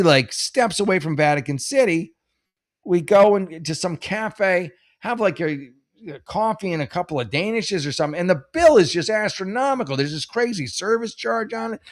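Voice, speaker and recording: Hosting a casual advice show, a middle-aged man with a high, animated voice talks at normal speed. He reads listener questions and rambles through jokes and personal stories, restarting and correcting himself many times.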